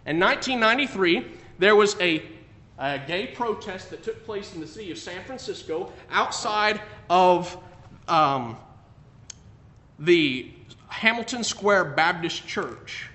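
A man preaching a sermon, emphatic, swinging between loud declarations and quiet asides. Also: lively intonation, unhurried. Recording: echoey room with faint rumble.

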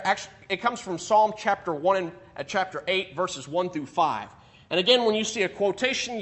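Bible class teacher, man, high and bright voice, animated, acts out quotes, restarts mid-thought. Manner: animated, acts out quoted speech with rising emphasis; thinking aloud with restarts while checking notes.

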